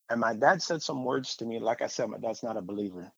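A man sharing a personal testimony in a lively storytelling way, acting out the voices of the people he quotes. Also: medium pitch, quick pace, gravelly, hardly any pauses, husky, dry recording. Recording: dull, muffled sound.

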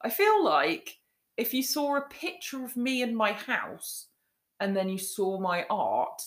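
A woman's voice: medium pitch, very animated, measured pace. A woman co-hosting a podcast in casual chat, giggling often and rambling with lots of fillers. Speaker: podcast co-host. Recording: roomy echo.

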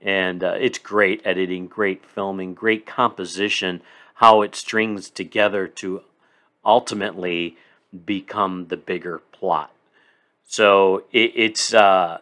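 A man's voice: sits low, fairly bright tone. A man from Illinois hosting a casual solo podcast, reviewing a movie in an enthusiastic, rambling way.

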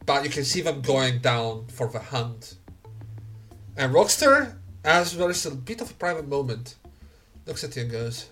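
A game master narrating a tabletop role-playing game in a relaxed way. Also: medium pitch, unhurried, soft background music.

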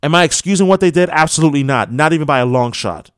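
Man, sports radio host, lively swooping pitch, dry close sound, heated rhetorical questions. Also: fast talker, clear, resonant tone, dry recording. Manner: fired-up, scolding rhetorical questions. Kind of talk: sports opinion monologue.

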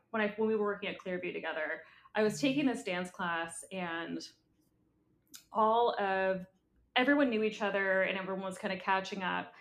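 A woman's voice: medium pitch, fairly bright tone. A woman co-hosting a podcast as a coach, telling stories about herself with dry, self-deprecating humor. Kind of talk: casual conversational chat. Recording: echoey room.

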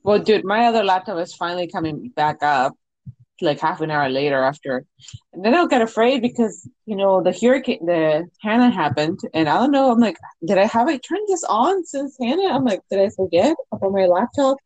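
A woman co-hosting a podcast from home over a call, her pitch swinging up and down as she chats and jokes around, with a mouth-close, dry sound and no room around it. she laughs easily and drops the occasional swear word. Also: animated, darkish tone, no echo, low-quality recording. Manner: chatty, quick to laugh, swears freely. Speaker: podcast co-host. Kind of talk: casual chat between friends.

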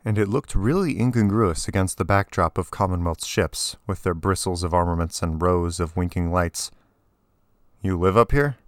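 Deep-voiced man narrating a story. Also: moderate pace, few pauses, no echo, studio quality. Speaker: audiobook narrator. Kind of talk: scripted narration.

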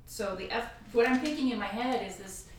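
A woman's voice: fairly high pitch, brisk, a little hiss or hum. Emotional woman telling her story, echoey room. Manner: animated, acts out quoted voices, frequent laughs. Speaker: podcast guest. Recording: far-off echoey room mic.

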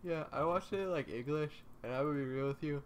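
A man's voice: fairly high pitch, a little fast, slight background noise. A young man co-hosting a casual podcast, rambling and swearing with frequent laughs. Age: young adult. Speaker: podcast co-host. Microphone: remote call mic.

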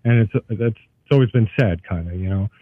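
A man's voice: lowish voice, brisk, breathy edge, dry recording. An easygoing man with a Brooklyn accent chats as a guest about his podcast, swearing casually. The audio is muffled and lo-fi, and the sound is dry. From Brooklyn, New York. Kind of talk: casual chat.

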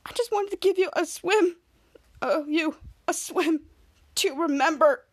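A woman quoting a grown male superhero, reading his lines melodramatically in a raised voice. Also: a little slow. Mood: melodramatic. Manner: paraphrased quotes read with a raised pitch.

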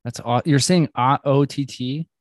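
A man's voice: mid-range voice, a little slow, dry recording, studio quality. A man hosting a podcast, joking around in casual chat. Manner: jokey, playful. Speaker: podcast host.

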